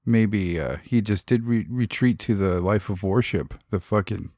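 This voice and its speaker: A man's voice: fairly low pitch, normal speed, darkish tone, no echo, clean studio sound. A man co-hosting a podcast in casual chat, joking and swearing freely. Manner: profane, jokey, laughs often. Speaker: podcast co-host.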